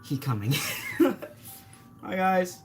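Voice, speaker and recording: A man's voice: high-pitched, animated, slow. A man dropping into his brother's casual live stream, playful and giggly, cracking jokes. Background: faint background music.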